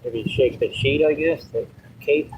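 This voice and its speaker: Rambling man vlogging in loud outdoor noise. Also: a little slow, dull audio. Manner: rambling, breaks into high squeaky shouts. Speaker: fitness vlogger. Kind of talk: casual vlog talk to camera.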